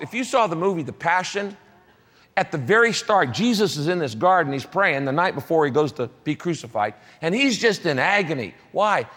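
A man preaching a sermon as pastor, emphatic, repeating key phrases and moving between soft and raised delivery. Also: a little high, in a large hall.

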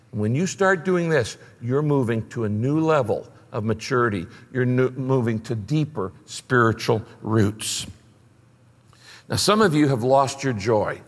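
A man preaching a sermon as pastor, telling stories with energy and leading a quiet prayer. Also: long reverb tail. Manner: animated storytelling, drops low and soft in prayer.

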